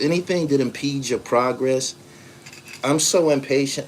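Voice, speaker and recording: A man's voice: medium pitch, a little fast, slight background noise. A man in his forties from the East Coast, hosting a podcast in a loose, profane storytelling style as he reads viewer comments and acts out the voices in his stories. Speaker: podcast host. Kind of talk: casual livestream chat reading comments.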